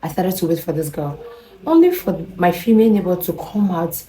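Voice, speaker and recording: A young woman with a Nigerian accent telling a personal story to camera in a rambling, animated way. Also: lowish voice, fairly quick, low-quality recording. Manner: rambling, animated, with restarts and quoted dialogue. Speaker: vlogger.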